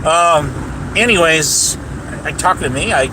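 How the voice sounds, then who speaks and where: Driving home in a noisy car, a livestream host rambles profanely and combatively, full of fillers and restarts and taunting his viewers. His voice is on the high side, a little slow, with lively intonation.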